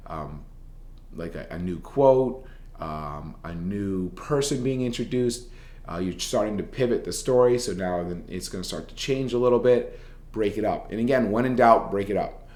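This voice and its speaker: Low-voiced man lecturing casually. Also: normal speed, a little mellow, echoey room. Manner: casual, rambling, with frequent fillers and restarts. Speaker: journalism writing instructor. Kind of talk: recorded lecture giving class feedback.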